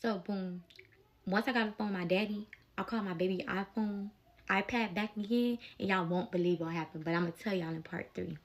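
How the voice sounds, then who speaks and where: Give me a young woman in a casual storytime vlog, animated and emotional, with a medium-pitched voice. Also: a little fast. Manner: animated, emotional retelling with slang. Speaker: mother telling a personal story.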